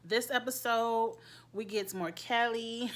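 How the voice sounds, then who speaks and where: A woman's voice: fairly high pitch, steady tone, takes it slowly, fairly bright tone. Laughing chatty woman reviewing a show. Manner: chatty, laughs often, quotes characters in funny voices. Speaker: TV recap vlogger. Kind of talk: casual episode review.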